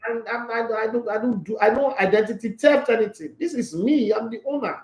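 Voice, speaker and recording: Animated Nigerian man reading chat. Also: very high-pitched, brisk, reverberant. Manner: animated, banters while reading viewer comments aloud. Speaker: sports channel host. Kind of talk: casual live-stream chat.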